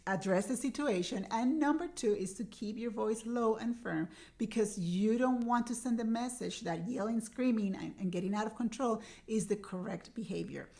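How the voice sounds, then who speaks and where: Earnest mom coaching parents, higher voice. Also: female voice, moderate pace, gravelly, few pauses, darkish tone. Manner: earnest, coaching, repeats key points. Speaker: parenting show host. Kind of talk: direct-to-camera parenting advice.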